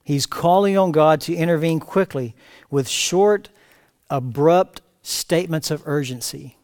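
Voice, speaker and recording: A man preaching a verse-by-verse sermon as pastor, reading scripture aloud with rising emphatic cries and then dropping to quiet asides. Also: fairly high pitch, a little slow. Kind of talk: expository sermon. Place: church sanctuary.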